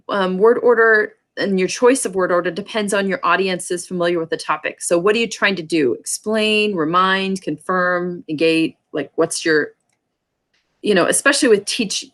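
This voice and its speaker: A woman's voice: medium pitch, fairly bright tone. A woman teaching a sign language class online, explaining casually with many fillers and restarts over a computer mic.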